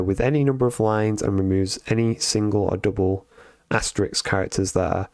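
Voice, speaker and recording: A man on a live stream reading programming lessons aloud and thinking out loud as he codes, with frequent ums and restarts. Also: lowish voice, dry recording, studio quality. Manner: thinks aloud with many fillers and self-corrections. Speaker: streamer learning to code.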